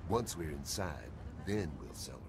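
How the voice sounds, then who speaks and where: A man's voice: very deep voice, lively intonation, normal speed. An actor playing a stern male squad leader in a video game, giving curt orders. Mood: commanding. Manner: curt, commanding. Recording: game audio over noisy background.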